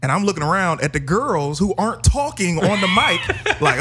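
A man's voice: fairly high pitch, a little fast, hardly any pauses, slight background noise. A man hosting a podcast interview, telling stories in a casual chat and acting out the quotes. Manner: animated storyteller, acts out quotes. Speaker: podcast host.

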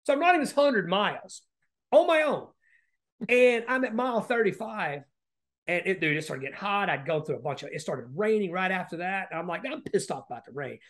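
A man's voice: high-pitched, animated, fairly quick, a bit bright. A man, a podcast guest, telling rambling stories in casual talk, swearing heavily and tagging sentences with "right?". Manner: heavy swearing, frequent "right?" tag questions; rambling with restarts. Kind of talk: casual storytelling.

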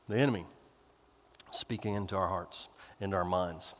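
A man's voice: deep voice, noisy background. Male pastor, sermon delivery, conversational and emphatic; long hall reverb. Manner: conversational, emphatic, drawn-out stresses.

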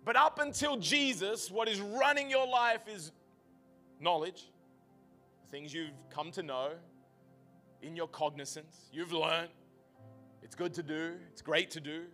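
A male pastor with a high, bright, ringing voice preaches a sermon to a live congregation. He moves between loud, emphatic bursts and a softer, earnest delivery, with faint music underneath. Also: unhurried, long pauses. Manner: dynamic preaching, rising to loud emphatic peaks; drops to a quiet, earnest close. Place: church service before a congregation.

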